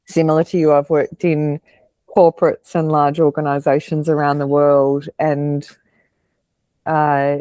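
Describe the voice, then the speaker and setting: A woman hosting an interview, speaking in a thoughtful, appreciative way with pauses mid-sentence. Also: deep voice, level tone, mellow, no echo. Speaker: podcast host. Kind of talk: reflective interview conversation.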